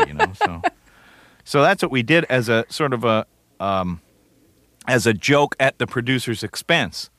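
A man's voice: mid-range voice, expressive, measured pace, fairly bright tone, no echo. A comedian from Canada in his forties, giving rambling, wry, self-deprecating interview answers. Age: 40s. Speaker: comedian guest.

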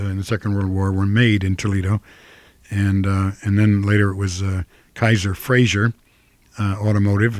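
Older midwestern actor, low-voiced, halting, dry close mic. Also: male voice, darkish tone, dry recording. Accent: flat Midwestern American. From Ohio, US Midwest. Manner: hesitant, many fillers and restarts. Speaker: actor, interview guest. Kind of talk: reflective interview answers.

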